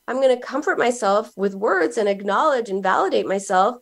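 A middle-aged woman psychoanalyst talking casually as an interview guest, animated and laughing as she tells stories. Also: fairly high pitch, a little fast, creaky, hardly any pauses. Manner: animated storyteller, acts out quoted voices with a laugh.

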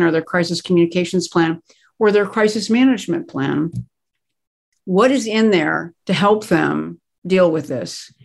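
This is a woman with a mid-pitched voice, speaking as a guest expert in a conversational interview. She explains crisis planning emphatically and leans hard on her key words. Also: gravelly.

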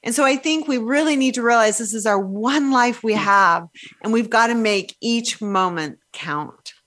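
A woman's voice: a little high, moderate pace, a bit bright. A woman guest on a radio talk show who speaks earnestly and encouragingly about living freely. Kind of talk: casual radio chat.

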